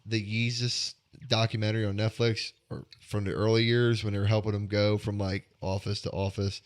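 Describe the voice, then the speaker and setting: A man's voice: fairly low pitch, little pitch movement, moderate pace. A man co-hosting a podcast, talking in a casual, rambling way with a nasal voice and lots of swearing. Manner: rambling, profane, joking. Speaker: podcast co-host. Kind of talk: casual chat.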